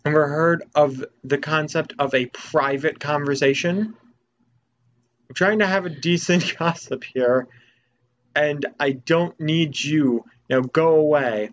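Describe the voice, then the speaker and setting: A man's voice: a little high, slow, muffled recording, a little hiss or hum. Snooty gossiping village woman, read by a young man. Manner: haughty, dismissive.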